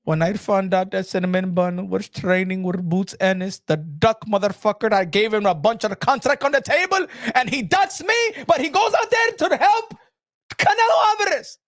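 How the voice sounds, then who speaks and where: A man's voice: high-pitched, normal speed, no room sound, studio quality, pitched below the performer's own voice. A man doing a comic impression of a scheming, bossy middle-aged boxing promoter who barks demands and repeats himself. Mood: indignant. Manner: demanding, repeats questions, bursts into shouts.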